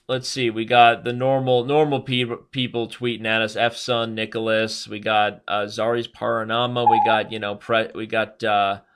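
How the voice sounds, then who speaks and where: Male chess streamer, bright, forceful voice, fast and jokey delivery. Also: lowish voice. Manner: fast-talking, joking, chatty. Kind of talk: live chess stream commentary.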